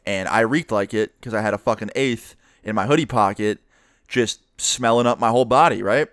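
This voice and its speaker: A young man from the New York area tells a personal story in a chatty, profane, animated way. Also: fairly low pitch, moderate pace, smooth, dry recording, clean studio sound. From New York area, USA. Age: young adult. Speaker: vlogger. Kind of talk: casual storytime monologue.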